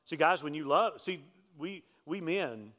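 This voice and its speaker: A male pastor preaching a sermon, telling stories in a conversational way with joking asides and climbing to louder, higher peaks for emphasis. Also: measured pace, slight background noise. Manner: animated storytelling, climbs in pitch and force for emphasis; conversational, humorous asides to the congregation.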